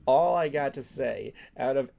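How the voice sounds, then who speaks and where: A man with a gravelly, fry-laden voice chats casually on a podcast, speaking offhand as he thinks aloud. His pitch sits in an ordinary middle range. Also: unhurried, mellow. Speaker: podcast co-host. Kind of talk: casual chat.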